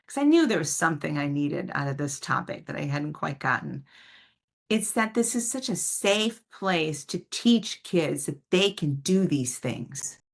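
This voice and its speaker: A woman giving a casual talk on a video call, answering parents' questions and telling stories with warm, animated emphasis. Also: low-pitched, a little slow, gravelly. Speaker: parent educator, guest speaker.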